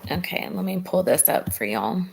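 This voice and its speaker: A woman chats casually as she hosts a true crime livestream from her computer. Her voice sits a little low, and she talks to her chat in a loose, friendly way, saying "y'all" often. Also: animated, moderate pace, creaky, slightly rough. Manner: chatty, warm toward chat, says "y'all" often.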